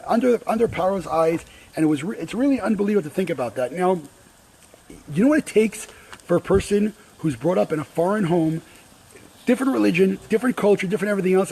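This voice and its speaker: A man's voice: high-pitched, gravelly, a little mellow, breathy edge, poor audio. A man giving an informal Torah talk outdoors by a grill, conversational, with frequent restarts and asides. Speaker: Torah teacher.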